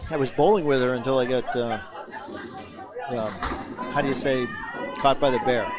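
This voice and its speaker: A man with a Massachusetts accent doing bowling color commentary, chatty and quick to laugh. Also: mid-range voice, steady tone. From Worcester, Massachusetts. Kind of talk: live sports commentary with banter. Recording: loud bowling alley crowd.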